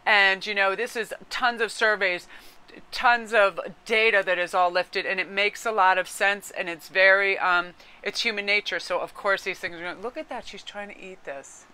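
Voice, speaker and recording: Bright, smooth-voiced woman reading tarot. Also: medium pitch, steady tone, normal speed. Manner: chatty, talks to viewers and her cat. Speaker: tarot card reader. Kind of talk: casual tarot reading vlog.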